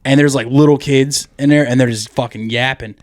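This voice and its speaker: A man's voice: medium pitch, fairly even intonation, brisk, no room sound. A man co-hosting a podcast, telling crude, jokey stories and acting out the people in them. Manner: crude, jokey storyteller who acts out loud quotes. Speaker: podcast co-host. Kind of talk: casual podcast banter.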